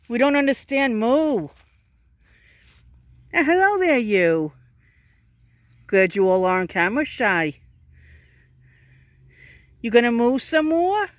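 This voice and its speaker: A woman's voice: high-pitched, no echo. Chatty woman coaxing farm animals outdoors. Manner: coaxing, chatty, talks to animals in baby talk. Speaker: vlogger filming farm animals. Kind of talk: casual talk to animals while filming.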